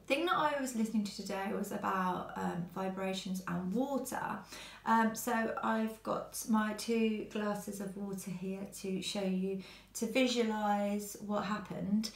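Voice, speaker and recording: Woman talking to camera at home, earnest, lots of ums and pauses, mid pitch, echoey room. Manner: earnest, halting with many pauses. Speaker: vlogger. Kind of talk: personal talk to camera. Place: quiet home.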